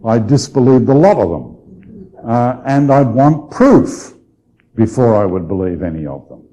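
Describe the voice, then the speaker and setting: Male bishop, very mellow, dark tone, loose conversational teaching style with restarts. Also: mid-range voice, very animated, rough recording. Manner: unhurried, restarts phrases, checks in with listeners. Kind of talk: conversational Bible study lecture.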